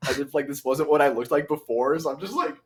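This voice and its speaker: A man's voice: fairly high pitch, fast talker, breathy edge. A young man from the southern United States, co-hosting a podcast in a laid-back, slangy way with frequent laughs. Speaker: podcast co-host. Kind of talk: casual podcast chat.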